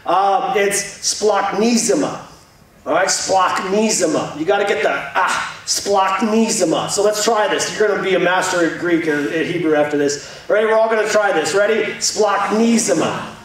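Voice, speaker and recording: Young guy preaching, fairly high voice, jokey storyteller, sounds far off in a big echoey hall. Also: moderate pace, hardly any pauses, fairly bright tone. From Indiana. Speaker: pastor. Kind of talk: sermon.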